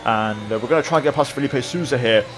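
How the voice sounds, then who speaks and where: A man talking through a replay of his own online race, relaxed and reflective, with many fillers. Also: medium pitch, fast talker. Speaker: sim racing video creator. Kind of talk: replay commentary voice-over.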